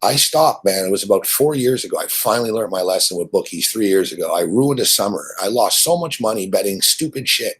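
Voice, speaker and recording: A man's voice: on the low side, expressive, fairly quick, hardly any pauses, fairly bright tone, slightly rough. A man hosting a sports betting show, ranting in a blunt, profane, rambling way about gambling on credit.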